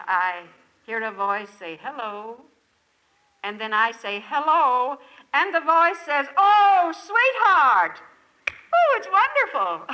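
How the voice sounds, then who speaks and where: An older woman speaks to a camp gathering with a fairly high, bright and forceful voice. She pours out rhetorical questions in an effusive devotional talk. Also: poor audio. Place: gathering at a lakeside retreat camp.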